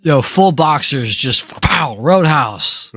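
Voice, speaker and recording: A man's voice: medium pitch, moderate pace, a bit bright. A man co-hosting a podcast in casual, profane chat, laughing often and acting out movie scenes. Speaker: podcast co-host.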